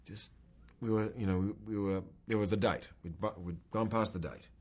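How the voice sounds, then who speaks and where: Deep-voiced actor, halting recollection. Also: male voice, fairly even intonation, dull audio. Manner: halting, circling back over his words. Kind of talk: interview recollection.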